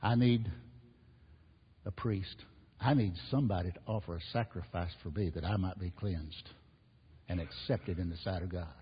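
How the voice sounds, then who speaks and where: A husky, breathy male preacher delivers an emphatic sermon that surges and drops. His voice rings out in a long hall reverb, and the recording is muffled. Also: sits low, normal speed, pauses often. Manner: emphatic preaching, rising and falling with repetition. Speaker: pastor.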